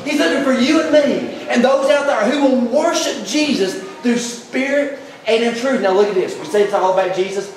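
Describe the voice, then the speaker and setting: A high-voiced male pastor preaches with exuberant energy, driving points home and rising to shouts. His voice rings through a very echoey hall, heard from well back from the mic, with a faint room hiss underneath. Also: moderate pace, distant mic. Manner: exuberant, emphatic, builds to shouts. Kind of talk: sermon. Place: large echoey church hall.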